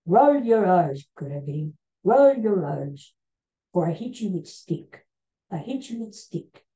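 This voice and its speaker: Stern male teacher in broken English, drawn-out scolding, as a man puts him on, dull lo-fi podcast audio. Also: high voice, very animated, dark tone, full character voice.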